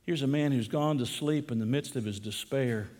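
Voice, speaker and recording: A man preaching a sermon as pastor, emphatic and slowing down to stress key phrases. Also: mid-range voice, a little mellow, in a large hall.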